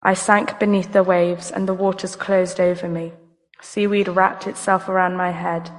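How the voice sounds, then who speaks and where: Female scripture reader, low flat voice, reverberant church hall. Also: moderate pace. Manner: steady, even reading.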